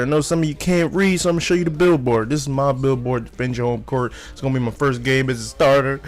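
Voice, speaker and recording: A man's voice: mid-range voice, fairly even intonation, fast talker, few pauses. A man giving joking, profane gameplay commentary as a gaming YouTuber.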